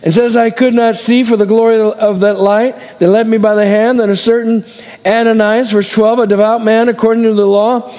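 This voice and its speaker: A man preaching a sermon, his voice swinging between loud and hushed. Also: sits high, little pitch movement, normal speed, in a large hall.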